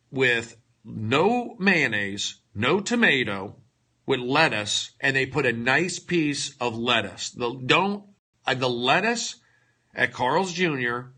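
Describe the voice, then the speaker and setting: Erratic, husky-voiced male comedian rambling. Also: medium pitch. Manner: erratic, swings from loud outbursts to hushed mutters; self-mocking, mock-dramatic asides. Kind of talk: rambling livestream monologue. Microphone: phone livestream.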